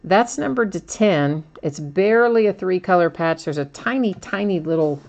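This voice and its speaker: A woman's voice: fairly low pitch, expressive, normal speed, creaky, a little mellow. A middle-aged woman hosting a live card break stream, chatting casually, laughing often, reading out cards and viewer comments.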